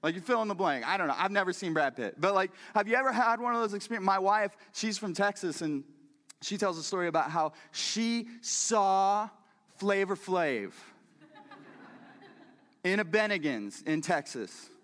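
A man's voice: high voice, animated, moderate pace, a bit bright, long reverb tail. A man preaching a conversational sermon who keeps putting questions directly to his listeners. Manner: talks directly to the audience with questions.

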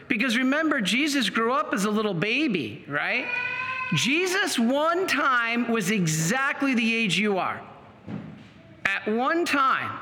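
Brief: priest, slow, animated storytelling homily, echoey church hall, faint background noise. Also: male voice, extremely high pitch. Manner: animated storytelling, asks the children questions. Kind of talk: homily to children.

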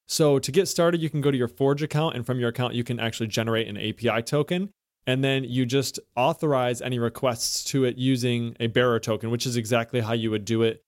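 A man's voice: mid-range voice, steady tone, quick pace, no room sound, clean studio sound. An American man co-hosting a casual tech podcast, chatty and enthusiastic as he walks through the news. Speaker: podcast co-host.

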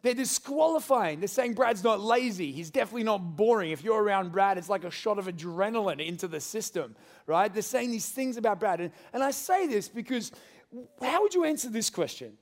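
Man pastor, high voice, animated and playful sermon to a live congregation. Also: brisk. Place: church hall with congregation.

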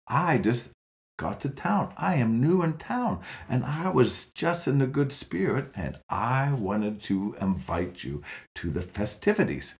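A man's voice: medium pitch, big pitch swings, a little slow, pitched above the performer's own voice. A man voicing a cheerful, friendly young girl who speaks eagerly and politely in a storybook tale.

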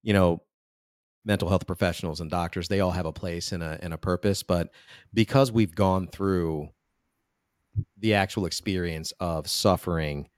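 Low-voiced guy talking slow and earnest, lots of restarts, dead dry mic. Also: fairly even intonation, no echo. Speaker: podcast host. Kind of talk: conversational interview.

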